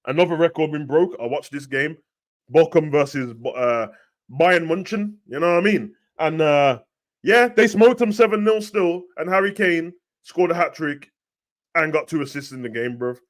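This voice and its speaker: A man's voice: on the high side, moderate pace. Slangy young man ranting on football. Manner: slangy, rambling, animated. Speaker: football talk host. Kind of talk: casual football rant.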